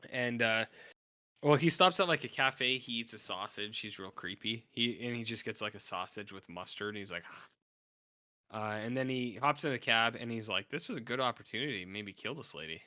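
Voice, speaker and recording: A man's voice: medium pitch, moderate pace, sharp tone, dry recording, studio quality. A young man co-hosting a podcast, casually retelling a film and acting out its lines. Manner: rambling retelling with acted-out quotes. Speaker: podcast co-host. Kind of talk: casual film review chat.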